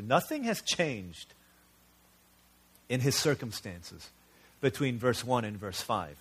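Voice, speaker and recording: Preaching at a slow pace with frequent pauses and a breathy edge, a male pastor tells stories earnestly and conversationally. His ordinary mid-pitch voice glides from animated family tales to more subdued, serious moments in the sermon.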